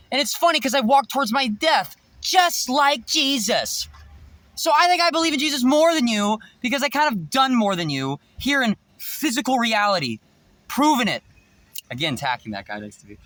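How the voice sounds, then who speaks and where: A man ranting to camera in a rambling, profane monologue, swinging between shouting and muttering. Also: very high-pitched, no echo. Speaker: vlogger.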